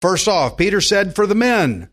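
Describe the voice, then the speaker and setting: A middle-aged male pastor giving a folksy radio sermon, telling a story and reading scripture slowly. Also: high voice, sing-song, a bit bright.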